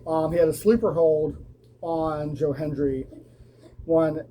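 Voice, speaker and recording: A man's voice: on the high side, fairly even intonation, takes it slowly, mellow, slight background noise, rough recording. A man hosting a casual wrestling show review, talking loosely with fillers and acting out the wrestlers' lines. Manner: casual, lots of ums and restarts, acts out quotes. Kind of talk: casual recap chat.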